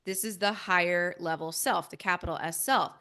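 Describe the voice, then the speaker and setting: A woman's voice: fairly low pitch, normal speed, bright, forceful tone. A woman speaking as a podcast guest, candid and emphatic, acting out her own inner dialogue as she talks.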